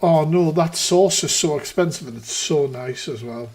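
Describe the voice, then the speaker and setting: A man's voice: fairly high pitch, normal speed, darkish tone, slight background noise. A man hosting a live reaction stream, talking casually with exasperated, profane rants.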